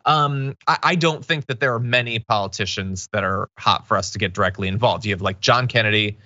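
Man, host, political commentary, bright forceful voice, emphatic, dry close recording, slightly lo-fi. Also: on the low side, a little fast, dry recording. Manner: conversational, emphatic, with restarts.

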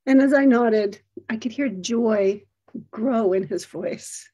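A middle-aged woman giving an earnest, expressive storytelling talk, acting out the lines of the people in it. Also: on the high side, takes it slowly, breathy edge.

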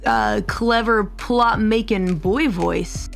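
A woman streamer with a gravelly, fry-laden voice jokes around in deadpan banter. Her pitch sits a little high, and soft music runs beneath the chat. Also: slow pace. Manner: joking, deadpan teasing. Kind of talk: casual chat.

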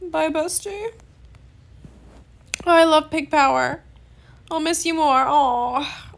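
Young woman, high voice, slow rambling gameplay chat, some vocal fry. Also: fairly even intonation. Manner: rambling, hesitant, lots of fillers. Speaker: gaming channel host.

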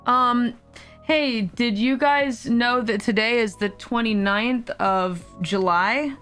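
A woman's voice: on the high side, slow pace, a bit bright, clear, resonant tone, soft background music. A woman hosting a casual livestream chat with friends, talking in a playful, rambling way full of filler words. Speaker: stream host.

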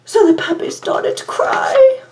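A woman's voice: extremely high pitch, very animated, measured pace, a little mellow, full character voice. A woman playing a vain, glamorous villainess reading a storybook aloud in a campy, theatrical way. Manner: campy, self-admiring, theatrical. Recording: roomy, from a distance.

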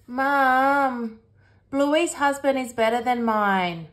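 An eager little puppy girl with a high, slightly whiny voice, as a woman reading aloud puts her on. She pleads and chirps through a children's storybook. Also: expressive, slow pace.

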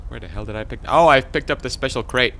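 A teenage boy giving rambling, excitable commentary while playing a video game. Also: mid-range voice, quick pace, gravelly, slight background noise. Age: teens. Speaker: gaming channel host. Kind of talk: gameplay commentary.

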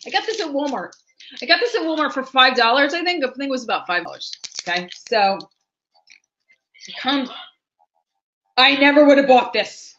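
High, bright animated woman reviewing candy. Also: normal speed, long pauses. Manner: animated, exaggerated, talks to viewers. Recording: dull lo-fi livestream audio.

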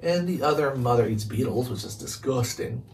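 A man's voice: mid-range voice, lively intonation, moderate pace, gravelly, a little mellow. A man reading a chapter book aloud and chatting casually about the story in between. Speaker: reader. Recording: distant mic with faint noise.

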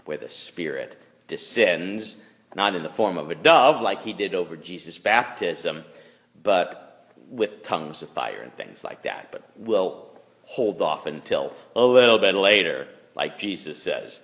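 A man preaching a children's chapel sermon as pastor, animated and playful, putting on voices for the kids. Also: sits low, a little slow. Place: school chapel. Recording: long reverb of a chapel.

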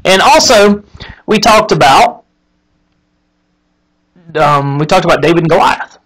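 Man, high voice, casual faith talk, animated storyteller. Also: measured pace, poor audio. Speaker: host of a live Christian talk stream.

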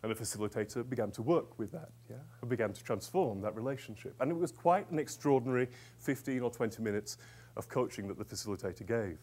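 Speaking at a quick pace, this author and executive coach has a medium-pitched, slightly rough voice. He tells stories to a live audience in a lively, conversational style, pausing to check in with them.

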